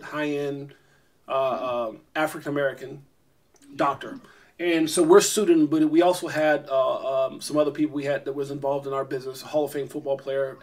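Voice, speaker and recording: A middle-aged man hosting a vlog, telling a long story in an animated, rambling way with lots of fillers and restarts. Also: fairly high pitch. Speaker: vlog host. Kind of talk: casual storytelling to camera.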